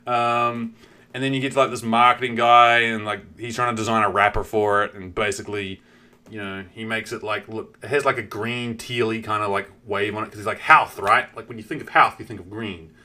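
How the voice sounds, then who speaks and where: A man's voice: lowish voice, steady tone, brisk, bright, forceful tone. A man streaming and chatting casually, rambling with lots of fillers and swearing while acting out what people said. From New Zealand. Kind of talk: casual chat.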